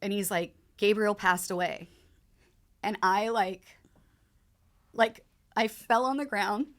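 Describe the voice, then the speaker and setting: Her voice medium-pitched and a bit bright, a thirtysomething woman shares an emotional personal story as a podcast guest. She speaks haltingly, in bursts, repeating words and using lots of fillers.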